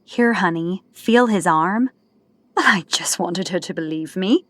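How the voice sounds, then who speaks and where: A woman's voice: fairly low pitch, a little slow, fairly bright tone, dry recording. A woman voicing a jovial, teasing older man in an audiobook, boastful and folksy, with faint music behind. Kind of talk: audiobook character voice.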